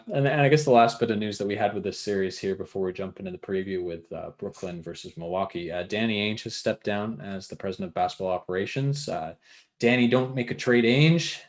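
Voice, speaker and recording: Upbeat jokey man hosting sports chat. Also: fairly low pitch. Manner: jokey, upbeat, with playful asides. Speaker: podcast co-host.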